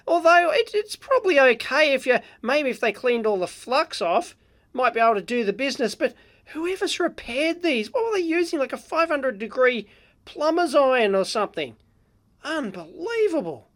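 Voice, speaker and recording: An Australian woman hosting an electronics vlog, giving blunt, excitable, unscripted commentary with frequent exclamations and fillers. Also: high voice, moderate pace. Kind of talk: casual unscripted teardown commentary.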